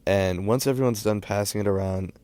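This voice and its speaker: A teenage boy telling a casual story in a rambling way, full of fillers and quick bursts of speech. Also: lowish voice, warm tone, smooth, no room sound. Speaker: storytime vlogger.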